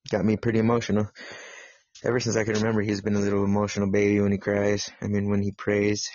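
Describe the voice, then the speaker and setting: A man's voice: lowish voice, completely flat delivery, fast, darkish tone, no echo, lo-fi sound. A man hosting a solo live podcast, chatting casually in a profane, joking, self-mocking way. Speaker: podcast host. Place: home setup in California.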